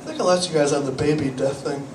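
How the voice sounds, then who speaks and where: A man's voice: fairly high pitch, fast talker. A man doing a rambling, self-deprecating stand-up comedy set, swearing and fretting, while he has a cold. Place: small cafe comedy night, from the audience area. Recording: echoey cafe room, camera far off, audible noise.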